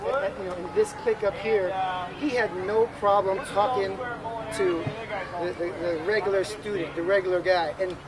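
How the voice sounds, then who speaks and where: A middle-aged man speaking at a memorial for an old friend, in a halting way with many restarts and fillers. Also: high voice, steady tone, a loud crowd, low-quality recording. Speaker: friend giving a eulogy. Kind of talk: memorial tribute speech. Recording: loud outdoor urban background noise.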